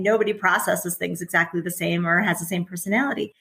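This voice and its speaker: A woman's voice: medium pitch, fast talker, bright, forceful tone. A middle-aged woman who is a guest on a podcast, talking candidly and conversationally and laughing often as she speaks. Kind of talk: casual conversational interview.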